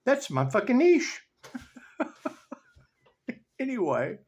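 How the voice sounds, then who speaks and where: A man giving a rambling spiritual monologue as a tarot reader, swearing constantly, laughing often and swinging between loud outbursts and low mutters. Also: huge pitch swings, takes it slowly, slightly rough.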